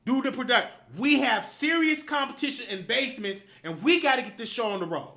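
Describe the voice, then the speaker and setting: A man's voice: very high voice, animated, a little fast, hardly any pauses, pushed and bright. A man hosting a live show, angrily scolding his producer in a profane, repetitive rant. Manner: repetitive, emphatic commands. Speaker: show host.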